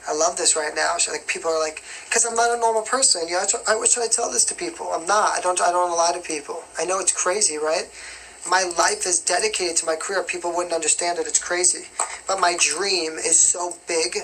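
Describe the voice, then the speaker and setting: A man's voice: high voice, a little fast, sharp tone, a little hiss or hum, rough recording. A young man from New York with a light New York accent, casually answering viewer questions on a live stream in a rambling, chatty way. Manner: chatty and rambling, with constant "you know what I mean".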